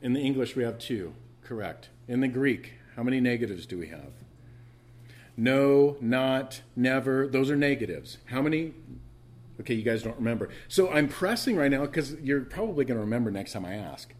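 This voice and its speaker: A man's voice: medium pitch, expressive, normal speed. A man pastor preaching a sermon, emphatic and questioning the congregation as he teaches from scripture.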